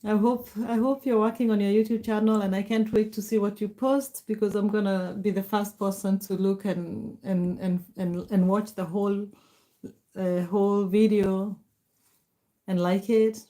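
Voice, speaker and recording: A middle-aged woman hosting a casual livestream, warmly greeting viewers by name and laughing often. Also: medium pitch, fairly even intonation, normal speed. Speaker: livestream host. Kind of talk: casual livestream chat reading comments.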